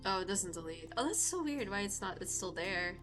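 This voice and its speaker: A woman's voice: medium pitch, expressive, a bit bright. A young woman streaming a dating game, chatting in a flustered, chatty way as she reacts to it and reads it aloud. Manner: chatty, flustered, quick to react and laugh at the story. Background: faint background music.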